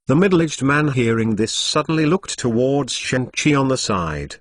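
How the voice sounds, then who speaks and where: A text-to-speech male voice narrating a translated novel in an even, machine-read delivery. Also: medium pitch, a little slow, hardly any pauses, no room sound, clean studio sound. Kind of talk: synthetic story narration.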